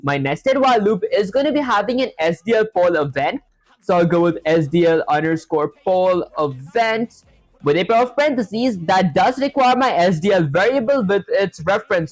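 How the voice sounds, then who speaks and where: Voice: medium pitch, animated, moderate pace, dry recording, faint music behind, rough recording. A streamer learning to code live, talking through every step aloud and often saying "honestly" and "that said". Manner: talks through each step, leans on "honestly" and "that said". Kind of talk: live coding stream, reading chat aloud.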